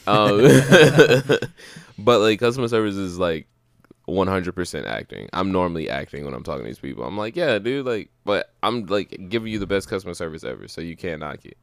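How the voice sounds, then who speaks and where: A young man co-hosting a podcast, talking in slangy, animated banter, often laughing and mimicking other people's voices. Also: low voice, fairly quick, vocal fry, no room sound. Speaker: podcast co-host. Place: home studio.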